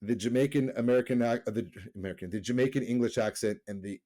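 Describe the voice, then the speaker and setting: A man's voice: mid-range voice, fast talker, mellow. A middle-aged man co-hosting a podcast remotely, chatting casually, rambling and correcting himself as he goes. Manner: rambling, self-correcting, laughs easily. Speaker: podcast co-host. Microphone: remote call.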